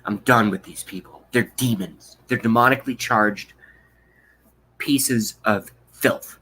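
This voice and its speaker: A man's voice: on the low side, slow pace, bright, forceful tone, slightly rough, rough recording. A man hosting a livestream, delivering an angry, profane political rant with contempt. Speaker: livestream host.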